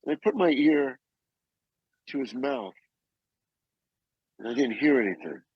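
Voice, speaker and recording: Slow, husky man telling a painful memory. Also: medium pitch, animated, dry recording, lo-fi sound. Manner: slow, halting, with pauses and restarts. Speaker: guest, actor and author. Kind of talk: emotional personal storytelling.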